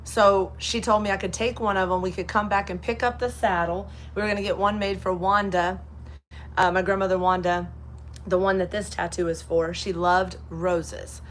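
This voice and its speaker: A woman's voice: mid-range voice, level tone, moderate pace. Chatty woman host, light Kentucky twang, storyteller, faint hiss behind. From Texas. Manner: chatty storyteller, acts out other people's lines. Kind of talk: casual live chat.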